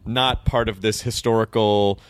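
An American man hosting a casual interview, halting and repeating himself, with a jokey edge. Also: fairly low pitch, fairly even intonation, smooth, no room sound. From United States. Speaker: podcast host.

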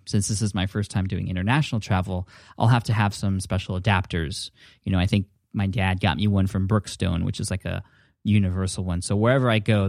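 A man's voice: lowish voice, gravelly, no room sound. A man hosting a podcast in casual, upbeat chat, recorded at home on a desk microphone. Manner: upbeat, chatty. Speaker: podcast host. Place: home office. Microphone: studio dynamic mic at a desk. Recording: dry close-mic studio sound.

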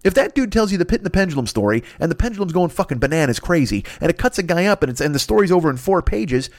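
A man's voice: high-pitched, very animated, racing, no echo, studio quality. A man in his fifties, a podcast host, riffing in a rambling, profane comedic rant and acting out silly voices. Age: 50s.

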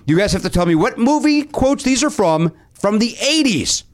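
A man's voice: sits high, very animated, moderate pace. A man hosting a comedy podcast game show, upbeat and self-deprecating as he explains the rules.

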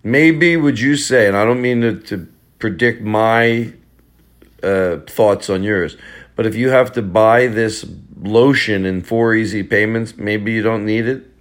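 A man's voice: fairly low pitch, unhurried. A middle-aged man hosting a podcast, joking in a rambling, casual way. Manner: jokey, rambling, repeats bits for laughs. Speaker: podcast host. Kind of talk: casual comedic chat.

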